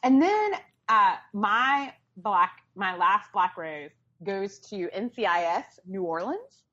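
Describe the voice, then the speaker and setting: A woman co-hosting a casual pop-culture podcast, talking in a sarcastic, animated way. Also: mid-range voice, takes it slowly. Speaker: podcast co-host. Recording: dull lo-fi sound.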